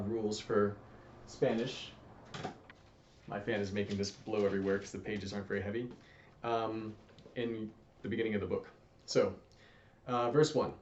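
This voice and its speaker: A man teaching a casual Spanish lesson, rambling with fillers and slowing down to read passages carefully. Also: lowish voice, fairly even intonation, a little mellow. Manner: rambling, with many fillers, slows to careful deliberate reading. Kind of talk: casual home lesson with read-aloud practice. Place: room at home with a fan running. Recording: roomy, distant, slightly dull home recording.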